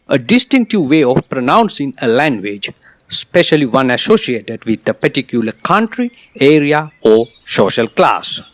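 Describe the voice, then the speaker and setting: A man whose first language is Spanish, narrating an English lesson in a lively explanatory tone. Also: medium pitch, no echo. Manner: lively explanatory tone, slightly non-standard grammar. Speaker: English teacher. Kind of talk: scripted narration.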